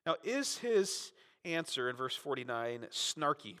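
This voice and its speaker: A man preaching a sermon as pastor, talking conversationally, often adding "right?", and dramatizing quotes with sudden swings in loudness. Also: medium pitch, sing-song, measured pace. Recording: long reverb of a large hall.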